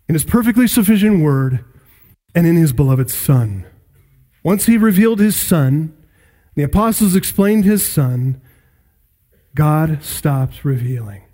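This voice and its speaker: A man preaching an expository sermon, emphatic, rising loud and high on key points. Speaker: pastor.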